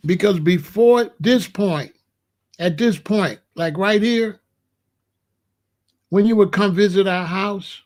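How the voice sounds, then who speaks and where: A show host in his late sixties tells family stories in a casual, streetwise, boastful monologue full of slang. His voice is high-pitched with a darkish tone, and he speaks slowly, pausing often.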